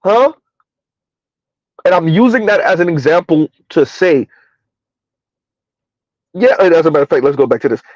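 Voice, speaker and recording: A commentary vlogger with a slightly high voice rambles through opinionated commentary at a moderate pace, pausing often and firing rhetorical questions at his listeners, over and over asking "huh?". The recording is dry, dull and lo-fi.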